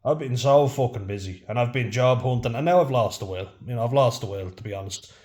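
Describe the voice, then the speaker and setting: A man's voice: medium pitch, fast, darkish tone. An Irish man vlogging to camera in a frank, casual chat, swearing freely and saying "you know" often.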